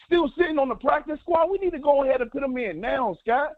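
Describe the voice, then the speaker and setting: High-voiced male caller on a phone line. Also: animated, fast. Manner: eager, insistent questions. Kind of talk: fan call-in.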